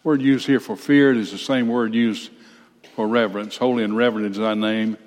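An older man preaching a sermon, reading scripture slowly and breaking off for folksy, blunt asides. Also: on the low side, fairly even intonation, darkish tone. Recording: reverberant hall.

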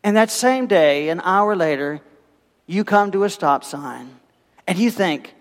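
A man preaching a sermon, telling a parable with lively, animated storytelling and acting out the voices of its characters. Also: high voice, normal speed, in a large hall. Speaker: pastor.

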